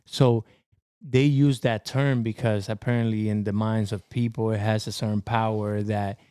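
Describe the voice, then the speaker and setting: A man's voice: lowish voice, level tone, moderate pace, mellow, clear, resonant tone, no echo. A young man co-hosting a podcast in casual, slangy chat, laughing often. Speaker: podcast co-host.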